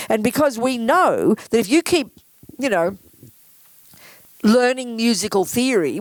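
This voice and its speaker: A woman's voice: medium pitch, no room sound. Frank, emphatic woman giving a dharma talk. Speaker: Buddhist teacher.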